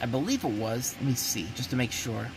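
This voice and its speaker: A man hosting a movie review show, talking in a blunt, emphatic way with many restarts and sudden jumps in pitch. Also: lively intonation, fairly quick, background noise. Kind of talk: casual ranting review.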